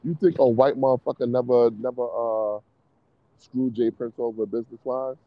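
A man's voice: mid-range voice, steady tone, normal speed, no room sound, highs cut off. A man arguing provocatively in a casual podcast chat, repeating his points with rising heat. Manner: provocative, heated, repetitive, laughs at own claims. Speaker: podcast co-host.

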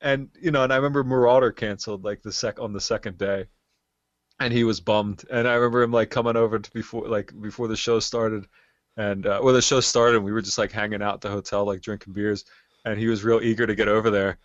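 A man's voice: on the low side, flat delivery, brisk, no room sound. A man in his thirties telling a long story in casual chat, rambling with many fillers. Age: 30s. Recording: dull lo-fi sound.

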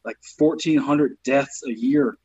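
A man with a Southern US accent, a comedian guest on a podcast, telling stories in an animated, profane way. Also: mid-range voice, unhurried, highs cut off, slight background noise. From Southern United States. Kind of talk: casual podcast chat.

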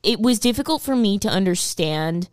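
Woman co-host, mid-pitched, dry close mic, gushing film chatter full of fillers. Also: expressive, smooth, no echo. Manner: gushing and chatty, heavy use of "like", quick laughs. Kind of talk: casual film discussion.

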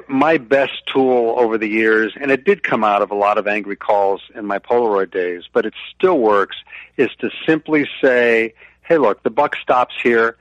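A man's voice: medium pitch, fairly bright tone, no room sound. Male radio guest, middle-aged, earnest, stumbles over openings; dull lo-fi remote line, dry. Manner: earnest, repeats words when starting thoughts. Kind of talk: business radio interview.

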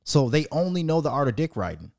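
A man from Minnesota hosts his own show, riffing in a loose, profane, mocking rant. His pitch sits a touch high and leaps around a lot as he gets worked up. He laughs often between jabs. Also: sing-song, fast talker, creaky, a little mellow, dry recording, studio quality. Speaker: show host. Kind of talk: casual solo rant.

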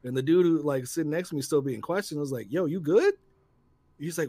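Animated man telling stories, dry close sound. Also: on the high side, fairly quick, dry recording. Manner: animated storyteller acting out quotes in loud voices. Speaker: podcast co-host. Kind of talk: casual chat.

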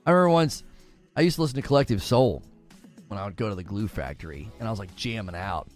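A man in his forties hosts a casual livestream chat. He tells stories in an animated, laughing way, and his voice rises and falls a great deal. Faint music plays underneath. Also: on the low side, quick pace. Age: 40s.

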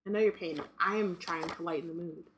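A woman's voice: on the low side, steady tone, fairly quick, noisy background. A young woman hosting a podcast, chatting casually with lots of fillers and reading from a book. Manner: chatty, filler-heavy, joking. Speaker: podcast host.

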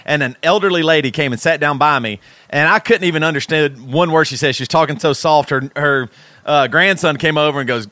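A man co-hosting a podcast in casual chat, animated and joking, cursing freely. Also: a little high, fast talker, dry recording. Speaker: podcast co-host.

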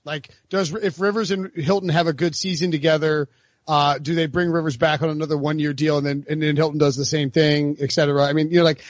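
A man's voice: a little high, no echo, dull audio. A man hosting a casual sports talk show, rambling with many fillers and restarts. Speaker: host.

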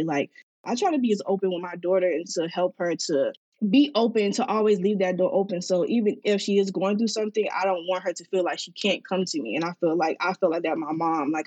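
A woman's voice: lowish voice, brisk, a little mellow, slightly rough, no room sound. A young woman telling her personal story in a candid, reflective way, speaking earnestly with casual fillers. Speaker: interviewee sharing her story.

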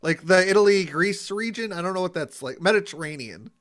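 A man with a fairly high voice co-hosts a podcast, chatting loosely as he retells an episode. He laughs often and lets sentences trail off. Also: lively intonation, a little fast, a bit bright. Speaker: podcast co-host. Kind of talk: casual chat recapping an episode.

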